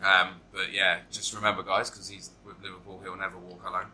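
A man's voice: low-pitched, little pitch movement, brisk, bright, forceful tone, low-quality recording. A man hosting a podcast, rambling and joking casually with frequent swearing. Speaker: podcast host. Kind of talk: casual chat.

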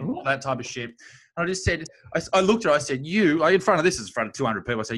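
A crude, blunt Australian man tells stories with a bright, forceful edge in his voice. He sounds like a stand-up comic guest chatting loosely and swearing freely. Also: fairly high pitch, racing. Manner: blunt, crude, animated storyteller. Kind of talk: casual anecdote telling.

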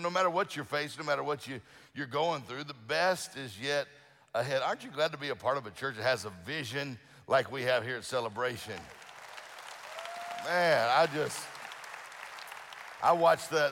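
A man's voice: medium pitch, fairly bright tone, long reverb tail. A middle-aged male pastor preaching a sermon, telling folksy stories with lots of restarts and fillers. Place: church sanctuary.

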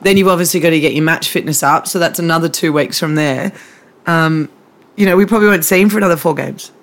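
Brief: high-pitched australian bloke, self-mocking sports-podcast storyteller. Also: male voice, fast, a bit bright. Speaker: podcast co-host. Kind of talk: casual banter, storytelling.

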